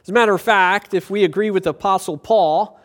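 High-voiced male pastor preaching. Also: brisk. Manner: asks the congregation rhetorical questions; tells anecdotes with light humor. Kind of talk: sermon.

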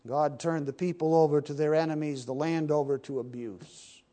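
A man preaching a sermon, swinging between hushed lines and loud, emphatic bursts. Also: fairly high pitch, fairly even intonation, moderate pace.

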